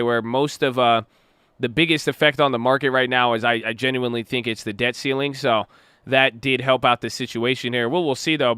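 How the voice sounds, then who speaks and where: Bright, crisp-voiced man commenting on markets. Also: medium pitch, no echo, studio quality. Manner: excitable, jumpy, laughs when startled. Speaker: market livestreamer. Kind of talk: casual live market commentary.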